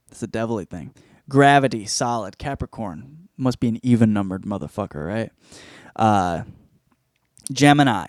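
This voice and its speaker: Man, solo comedy podcast host, profane, rambling, self-mocking, lively voice, dry close sound. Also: mid-range voice, no echo.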